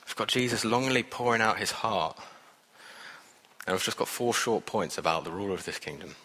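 A man preaching a sermon with a lowish, bright, forceful voice. He speaks earnestly and conversationally, with wry asides. His words ring out with the long reverb of a church hall. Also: expressive, fairly quick, slightly rough.

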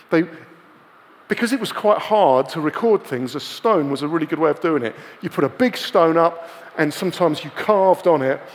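A man delivers a sermon in a loose, conversational way, checking in with his listeners through rhetorical questions. His voice sits a little high for a man. The room carries a long, echoing tail behind him. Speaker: preacher.

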